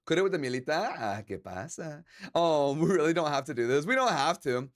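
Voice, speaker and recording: Tipsy, joking male streamer, high voice. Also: animated, fast talker. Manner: loose, joking, profane, slips into Spanish words. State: a little drunk. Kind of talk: casual drunk stream chat reading chat aloud.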